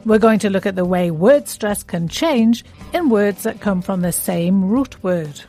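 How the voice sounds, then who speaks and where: A woman presenting an English lesson in a scripted dialogue, speaking clearly and deliberately and stretching words out to show their stress. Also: medium pitch, animated, warm tone, soft background music.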